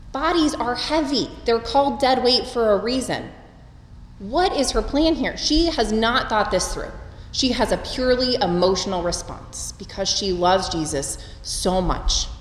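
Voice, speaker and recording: A woman preaching an Easter sermon, expressive and storytelling, with lively swings in her delivery. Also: medium pitch, a little hiss or hum. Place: church sanctuary. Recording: roomy church with long reverb.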